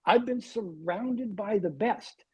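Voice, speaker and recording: A man's voice: high-pitched, takes it slowly, warm tone, breathy edge, low-quality recording. A man in his sixties, a guest on a podcast, telling wry, self-deprecating stories. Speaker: guest, TV weatherman. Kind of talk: storytelling in a podcast interview.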